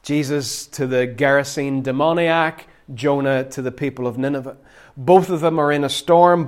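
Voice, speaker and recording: Male preacher, slightly higher voice, relaxed conversational sermon delivery. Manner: conversational, lively storytelling preaching.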